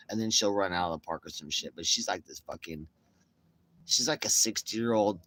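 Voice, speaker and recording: Profane, rambling bright-voiced man. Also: lowish voice. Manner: rambling, profane, slangy storytelling. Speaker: streamer. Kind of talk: casual chat to viewers.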